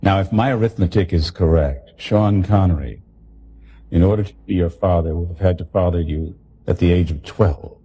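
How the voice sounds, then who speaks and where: A man's voice: low voice, moderate pace, warm tone, breathy edge. A male talk-show host making a mock-formal joke.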